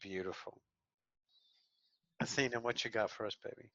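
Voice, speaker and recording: A man leads an online spiritual class, his voice bright and forceful. He affirms each speaker warmly in word and calls the next one by name. The audio comes through a muffled video call and sounds dry and close. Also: fairly low pitch, fairly even intonation, normal speed, dry recording. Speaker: group class leader.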